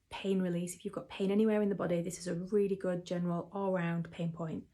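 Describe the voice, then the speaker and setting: A woman who teaches mindfulness and acupressure in a gentle, chatty way, with frequent ums. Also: fairly low pitch. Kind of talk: relaxed instructional talk to camera.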